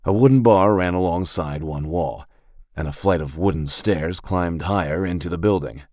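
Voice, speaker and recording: Brief: male audiobook narrator, low voice, dry studio sound, steady reading. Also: moderate pace, no echo. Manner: steady, even storytelling. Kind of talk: scripted narration.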